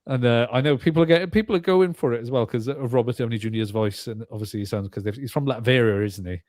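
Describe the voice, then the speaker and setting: A man's voice: medium pitch, fast, darkish tone, no echo, studio quality. A British man hosting a casual podcast chat, talking with lots of fillers and restarts. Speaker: podcast host.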